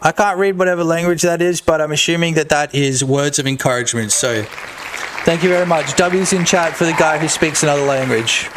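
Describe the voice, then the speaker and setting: High-voiced joking Australian man streamer. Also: a little fast, a faint crowd, slight background noise. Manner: joking, swears, bursts into loud shouts. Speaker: game dev streamer. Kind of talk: casual live-stream chat.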